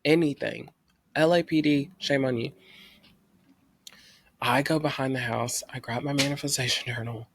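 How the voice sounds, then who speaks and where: A man's voice: mid-range voice, steady tone, moderate pace, pauses often. A young man from North Carolina telling a personal story as a vlogger, animatedly acting out his own past thoughts.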